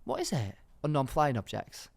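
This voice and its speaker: A young man co-hosting a podcast in casual chat, animated and jokey, with dramatic outbursts. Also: medium pitch, moderate pace, vocal fry. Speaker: podcast co-host.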